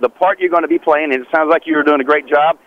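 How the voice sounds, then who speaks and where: A man's voice: a little high, steady tone, quick pace, narrow, tinny audio. A man hosting a radio prank bit, playful and teasing, often breaking into laughs.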